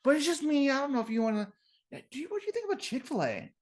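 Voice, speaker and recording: A man voicing a wheedling nine-year-old boy who coaxes in a hesitant, halting way. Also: extremely high pitch, huge pitch swings, pitched above the performer's own voice, full character voice. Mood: coaxing.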